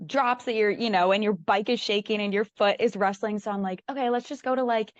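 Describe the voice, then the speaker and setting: A woman's voice: mid-range voice, fairly quick, no echo. A woman guest telling her own story in casual chat, acting out her thoughts with lots of "like". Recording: dull lo-fi dry sound.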